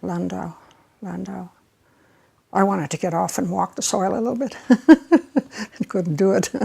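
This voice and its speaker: Casting: older woman, husky and gravelly, chatty storyteller in an oral history interview. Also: medium pitch, darkish tone. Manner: chatty and reminiscing, with frequent laughs.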